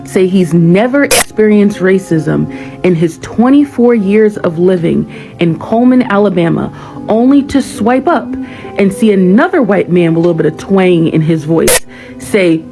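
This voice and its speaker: A woman's voice: medium pitch, expressive, normal speed, low-quality recording. Sarcastic woman with faint music behind. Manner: sarcastic, mocking. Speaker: social media commentator. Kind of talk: direct-to-camera commentary.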